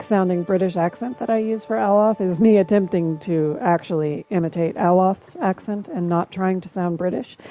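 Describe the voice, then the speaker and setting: A woman's voice: on the low side, warm tone, muffled recording. A woman streaming and narrating a video game story for friends in a casual, chatty way.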